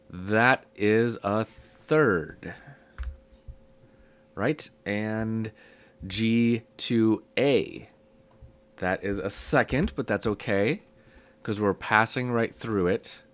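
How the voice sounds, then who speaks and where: A man teaching music theory in a relaxed, step-by-step way, his voice low and rough from a cold, with many ums. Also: very slow, pauses often. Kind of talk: casual spoken lesson.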